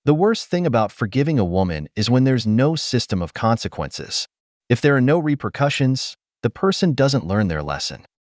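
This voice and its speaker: A man's voice: mid-range voice, very animated, moderate pace, a little mellow, no echo, clean studio sound. A man narrating scripted commentary in a preachy way, addressing listeners as brothers.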